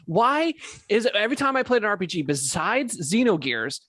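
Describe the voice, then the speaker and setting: A man's voice: high-pitched, very animated, moderate pace, fairly bright tone, no room sound. Rambling, emphatic man host, dry sound. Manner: rambling, emphatic, swears, stumbles over words. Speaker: podcast host. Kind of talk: casual chat.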